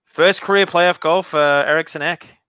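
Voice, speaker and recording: A man's voice: fairly high pitch, fairly even intonation, moderate pace, sharp tone, clean tone, no echo. A man from Australia with a refined, slightly British-leaning accent, hosting a live stream and giving chatty, joking hockey reaction commentary with frequent laughs.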